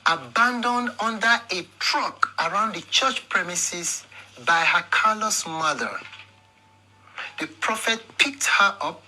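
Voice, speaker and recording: A woman narrating a documentary story in a measured, storytelling way. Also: mid-range voice, pushed and bright, low-quality recording.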